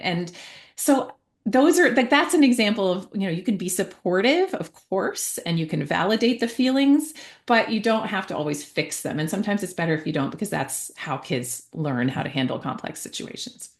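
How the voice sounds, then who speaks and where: A woman's voice: medium pitch, animated, normal speed. A woman in her forties, an author telling a parenting story in a chatty way, with many fillers and restarts. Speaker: author and guest. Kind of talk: conversational storytelling.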